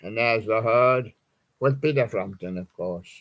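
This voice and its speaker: A man's voice: on the low side, measured pace, fairly bright tone, a little hiss or hum. A man hosting a live music show, chatting in a rambling way and reading out song titles from his records. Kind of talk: live-stream chat presenting records.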